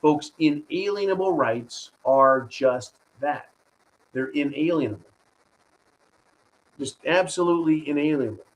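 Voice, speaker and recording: A man's voice: fairly high pitch, unhurried, pauses often, low-quality recording. A man hosting a live stream, giving combative political commentary and reading viewer donations, often turning to his audience with "folks" and "right?". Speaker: host of a live stream show.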